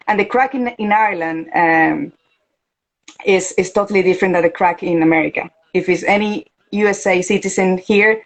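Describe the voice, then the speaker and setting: Venezuelan-accented woman, coach and interview host, lively chat, acts out quotes. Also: medium pitch, low-quality recording. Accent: Venezuelan Spanish. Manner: animated, acts out quoted voices.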